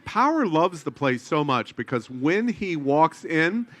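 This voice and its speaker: A man's voice: fairly high pitch, a little slow. A man hosting a live talk show, joking with his co-hosts and speaking straight to the viewers. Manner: animated, joking, speaks to the audience directly. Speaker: host. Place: TV studio.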